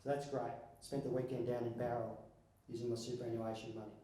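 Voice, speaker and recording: A man, a financial adviser giving a seminar presentation and talking conversationally with the audience, with wry asides and quick questions to the room. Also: medium pitch, level tone, dark tone, roomy sound, poor audio. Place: conference hall.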